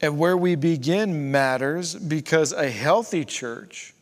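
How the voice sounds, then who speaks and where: Pastor preaching in a reverberant church. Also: male voice, on the high side, takes it slowly. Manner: conversational preaching with rhetorical questions and asides. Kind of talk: sermon. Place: church sanctuary. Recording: long hall reverb.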